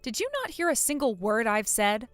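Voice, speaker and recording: A woman plays a cold young wife in a voiced text-message drama. She is scolding and unforgiving, with a slightly high voice that swings widely in pitch. The sound is dry, with faint music underneath. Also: animated, normal speed, dry recording, close to an everyday voice. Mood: stern. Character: cold, furious young wife who was assaulted.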